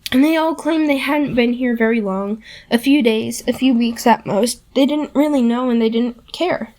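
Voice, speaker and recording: A woman reading a novel aloud in steady, plain first-person storytelling. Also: a little high. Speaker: audiobook reader.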